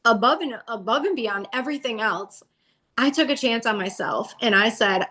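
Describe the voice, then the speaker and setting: A woman's voice: on the high side, normal speed. A woman in her forties, an interview guest, telling her story casually and acting out what people said with a rising voice. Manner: animated, acts out quotes with a rising voice.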